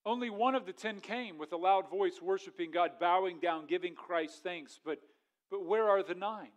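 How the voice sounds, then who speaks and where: Male pastor, somewhat higher voice, sermon delivery with big dynamic swings and scripture reading. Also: moderate pace. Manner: preaching with rising intensity, then dropping quiet; reads scripture aloud in old-fashioned wording.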